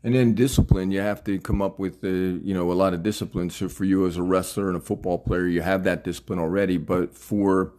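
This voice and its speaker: A man's voice: deep voice, fairly even intonation, a little fast, few pauses, warm tone. Chatty older man interviewing. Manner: chatty, enthusiastic, laughs often. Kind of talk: casual interview chat.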